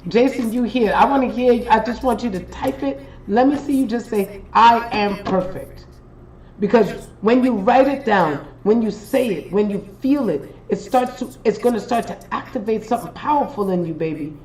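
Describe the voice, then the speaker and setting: A woman's voice: fairly high pitch, animated, moderate pace, a little mellow, rough recording. A woman hosting a live stream, giving an emphatic, preachy and profane motivational pep talk straight to her viewers. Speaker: spiritual reader and live-stream host.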